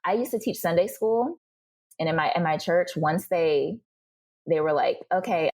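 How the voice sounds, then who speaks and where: A young adult woman speaking as a podcast guest, telling her story candidly and acting out what other people said to her. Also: fairly low pitch. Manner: animated, acts out other people's remarks in quick bursts.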